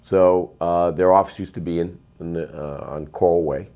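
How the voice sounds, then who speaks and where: Middle-aged man, very low voice, emphatic rambling storyteller. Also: steady tone, moderate pace, muffled recording. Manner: rambling, emphatic, frequent ums and uhs. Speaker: real estate investor, guest. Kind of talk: storytelling interview.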